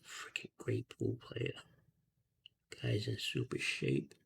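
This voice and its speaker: A man softly telling a rambling story in a half-whispered ASMR style, talking casually with slang and fillers, outdoors at night on a close mic. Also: on the low side, lively intonation, slow, creaky, slightly rough. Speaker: ASMR channel host. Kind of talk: ASMR storytelling while coloring.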